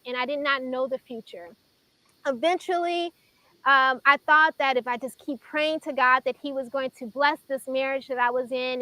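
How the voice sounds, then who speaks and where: On a faith talk show, a woman from Chicago in her thirties shares a heartfelt, emotional story of her own, with pauses throughout. She speaks in a high, slightly bright voice on a dry, rough recording.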